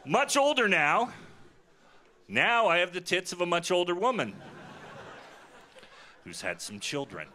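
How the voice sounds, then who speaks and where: A man's voice: sits high, big pitch swings, measured pace, long pauses, background noise. A man in his forties doing a crude, self-mocking stand-up set on a festival stage. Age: 40s. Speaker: stand-up comedian. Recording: live stage recording with crowd. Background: audience laughter.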